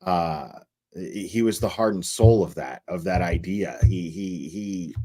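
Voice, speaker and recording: A man hosting a live commentary stream, talking in a halting way with many fillers and restarts as he reads viewer messages. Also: low voice, dark tone. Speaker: livestream host.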